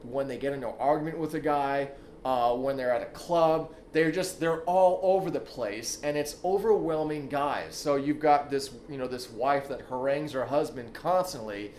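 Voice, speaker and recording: A man's voice: moderate pace, darkish tone. Emphatic male dating coach in an echoey room. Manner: loose, emphatic, frequent "okay?" tags and swearing; swoops into high exaggerated demonstrations. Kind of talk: casual instructional monologue. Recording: echoey room with faint ambient noise.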